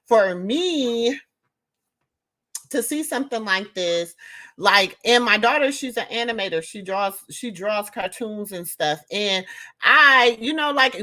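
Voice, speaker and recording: Brief: woman, 50s, show host, bright and forceful voice, slow emphatic delivery. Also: on the high side. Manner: animated, emphatic, repeats lines for effect. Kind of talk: casual commentary.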